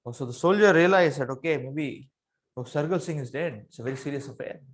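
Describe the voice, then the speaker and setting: A man giving a spiritual discourse as a teacher, earnest, repeating phrases for emphasis and swinging his pitch and loudness dramatically as he tells a story. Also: fairly quick.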